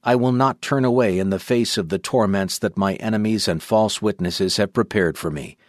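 A man voicing a devout condemned martyr who speaks with earnest, steady defiance. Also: on the low side, normal speed, no echo, studio quality, lightly acted. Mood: defiant.

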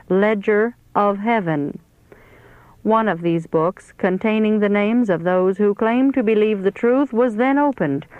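A woman reading a religious text aloud in a measured, solemn narration. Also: medium pitch, no room sound. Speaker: reader. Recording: tinny phone-like dry recording.

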